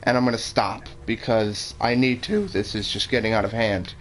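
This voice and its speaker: A man co-playing on a stream, explaining his views calmly with some swearing. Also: fairly low pitch, moderate pace, a little hiss or hum. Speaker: co-player. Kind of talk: casual gaming chat.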